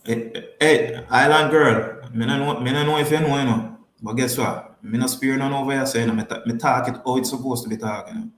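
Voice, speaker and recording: A man's voice: medium pitch, steady tone, fast talker, hardly any pauses, roomy sound. Jamaican man riffing on a podcast. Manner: emphatic, repeats phrases. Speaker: podcast host. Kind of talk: casual livestream chat, answering viewers.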